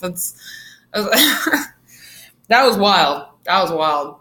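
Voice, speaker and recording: A woman vlogger telling a storytime tale in a chatty, laughing way with lively asides. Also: mid-range voice, drawn-out words, pauses often. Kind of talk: casual storytime.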